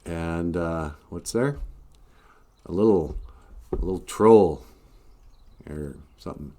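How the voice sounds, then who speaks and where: A man hosting and telling a folk tale in a laid-back, comic way with frequent chuckles and pauses. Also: deep voice, mellow. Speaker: storyteller host. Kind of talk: folksy comic storytelling.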